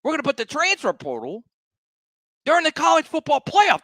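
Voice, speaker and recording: A man's voice: very high voice, huge pitch swings, fairly quick, long pauses, sharp tone, dry recording. A man hosting a sports talk show, ranting with emphatic, exasperated repetition.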